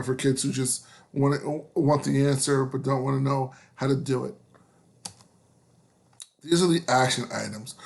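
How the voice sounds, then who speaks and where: A man teaching an online webinar class in a casual, joking way. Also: medium pitch. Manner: casual, joking, with frequent fillers.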